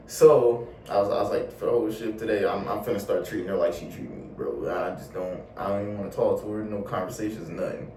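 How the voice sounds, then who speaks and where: A young man telling a casual storytime vlog in slangy, animated talk full of swearing. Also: low-pitched, quick pace, hardly any pauses, recorded from a distance, a little hiss or hum. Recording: roomy echo, a bit off mic, faint ambience.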